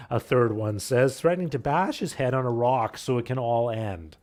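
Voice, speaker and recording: A man's voice: medium pitch, animated, brisk, few pauses, a little mellow. A man, a pastor, preaching by telling a family hiking story in a conversational way, often restarting with repeated words. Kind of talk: sermon storytelling. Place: church.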